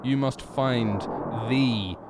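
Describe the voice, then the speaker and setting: A man's voice: mid-range voice, very noisy. A man putting on a solemn, grandiose carny. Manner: slow, portentous proclamations. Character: grandiose male carnival worker, solemn oracle. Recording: music playing underneath. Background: music.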